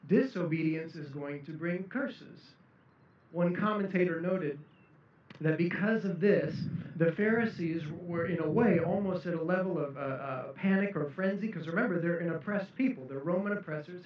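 A man preaching a sermon, earnest and building to emphatic peaks. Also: high-pitched. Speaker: pastor. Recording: echoey room, distant mic, dull sound.

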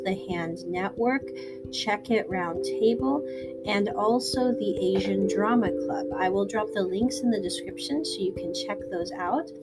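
Woman host, upbeat outro read over prominent guitar music, mid pitch. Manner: upbeat, reads out links and spells addresses. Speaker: podcast host. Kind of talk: podcast outro announcement. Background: plucked guitar music.

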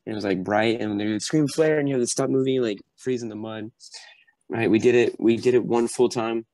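A young man appears as a podcast guest, telling stories with animation in a casual chat and acting out the people in them, drill instructors included. His voice is mid-range and fairly quick, and the recording is dry.

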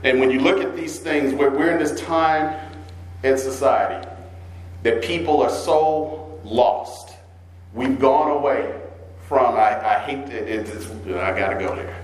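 A male pastor preaching a sermon, swinging between slow low scripture readings and raised, urgent questions. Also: reverberant, low-quality recording. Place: church.

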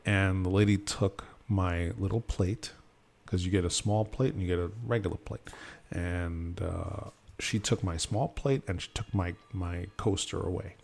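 A man's voice: on the low side, moderate pace, vocal fry, darkish tone. A man on a casual podcast, telling a story animatedly with lots of fillers and acted-out quotes. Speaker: podcast host. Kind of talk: casual chat.

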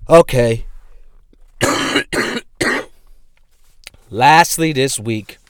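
Young male NY podcast host, profane and animated, clean resonant voice, dry close mic. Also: mid-range voice, drawn-out words, clean tone, dry recording. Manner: profane, animated storytelling with frequent laughs. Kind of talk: casual comedic monologue.

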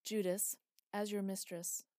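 A woman voicing a young queen who speaks calmly and with steady command. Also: mid-range voice, unhurried, no echo, clean studio sound, lightly acted. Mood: firm. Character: regal young queen, caring and firm.

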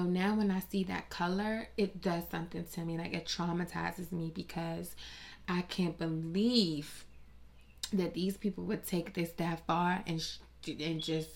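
A woman's voice: fairly low pitch, vocal fry. A woman vlogger delivering a dramatic, profane, mock-grieving comedic rant with plenty of sass.

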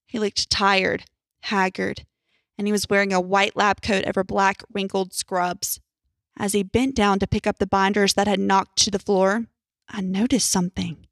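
A young adult woman reading a horror story aloud in a tense, measured first-person narration. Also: medium pitch, flat delivery, no room sound, clean studio sound.

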